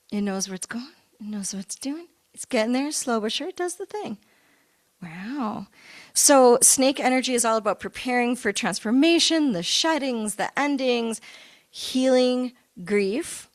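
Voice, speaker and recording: A middle-aged woman minister giving a sermon in a conversational, expressive way, with playful asides. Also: a little high.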